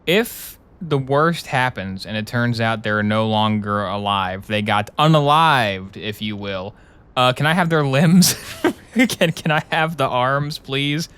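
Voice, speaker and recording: A man streaming a game live, trolling in a deadpan way with absurd repeated jokes. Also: mid-range voice, slow, clean tone. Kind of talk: casual live game commentary.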